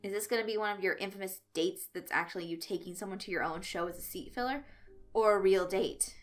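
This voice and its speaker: A woman's voice: medium pitch, quick pace, lightly acted. A woman reading the part of a nervous teenage boy running a tabletop game, who stammers when flustered, in a fan fiction reading. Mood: earnest.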